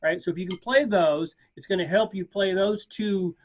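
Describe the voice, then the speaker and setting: A man's voice: sits high, normal speed, background noise. A man teaching an advanced percussion class over a video call, casual and encouraging, often stopping to correct himself. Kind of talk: online music lesson. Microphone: video call mic.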